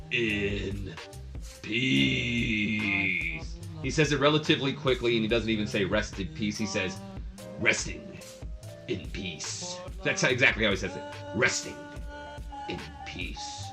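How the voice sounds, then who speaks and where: A man hosting a casual review channel, chatting and rambling with many fillers and the odd laugh. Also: lowish voice. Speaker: wrestling review channel host.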